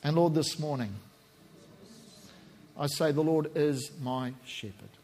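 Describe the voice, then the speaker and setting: Man, pastor, impassioned sermon, high voice, slow deliberate delivery. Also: a little hiss or hum. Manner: impassioned, shouting at peaks then slow and hushed in prayer. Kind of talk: sermon and prayer.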